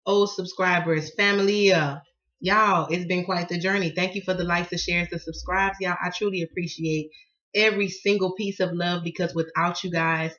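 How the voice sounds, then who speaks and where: A woman with a Southern American accent gives a casual tarot reading, laughing often, cussing freely, and telling lively stories. Her voice sits on the low side at a moderate pace, and the audio sounds dull.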